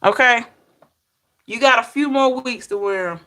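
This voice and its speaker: Bright-voiced woman chatting on a live stream. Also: on the high side. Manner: animated, laughing, talks back to chat viewers by name; drawn-out, incredulous exclamations. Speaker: tarot reader and live-stream host. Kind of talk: casual live-stream chat with viewers.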